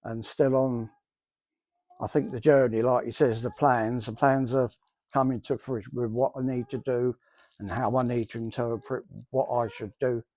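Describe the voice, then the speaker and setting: A man's voice: medium pitch, steady tone, moderate pace, a little mellow, no room sound. A middle-aged man telling his church testimony in a rambling way, acting out the dialogue he recalls. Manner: rambling storyteller, acts out quoted dialogue. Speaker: church member giving testimony. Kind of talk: spoken personal testimony.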